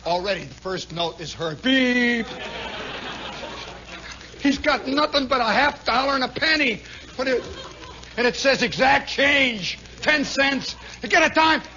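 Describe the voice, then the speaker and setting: A man, a radio host, telling a comic story live in a nightclub, animated and chuckling with lots of asides. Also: very high voice, slight background noise. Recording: muffled 1960s live radio recording.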